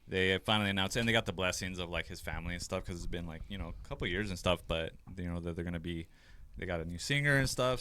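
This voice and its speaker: Deep, bright-toned rambling man. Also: slight background noise. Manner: rambling, many fillers, swears. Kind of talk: casual chat.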